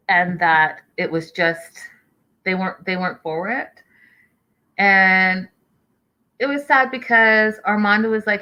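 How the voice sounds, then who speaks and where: Chatty woman hosting a bright recap stream. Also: on the low side, lo-fi sound. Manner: chatty, reads out live chat messages. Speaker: host of a reality TV recap show. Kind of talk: casual live-stream recap with chat reading.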